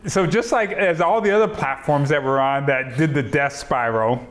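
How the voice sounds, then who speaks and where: Animated storytelling man on a video call. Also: fairly high pitch, moderate pace, a little hiss or hum. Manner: animated storyteller, acts out quoted dialogue, laughs often. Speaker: interviewee, software entrepreneur. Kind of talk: oral history interview over video call.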